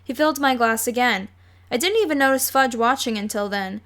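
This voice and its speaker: A woman giving a lively storybook reading, narrating a children's novel aloud. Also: fairly high pitch, brisk. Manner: lively, plays every character. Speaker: audiobook reader.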